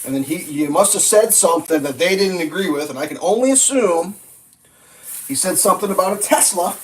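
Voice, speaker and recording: Guy chatting while making pancakes, voice bounces all over, kinda high, swears a lot, rambly. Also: a little fast, low-quality recording. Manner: animated, profane storytelling. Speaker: vlogger cooking breakfast. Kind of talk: casual rambling chat. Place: kitchen at a griddle.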